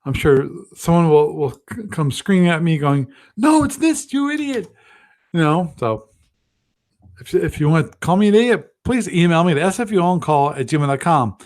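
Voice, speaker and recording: Fairly high in pitch with a darkish tone and moderate pace, this gaming livestream host chats casually. He thinks out loud, restarts often, and pokes fun at himself.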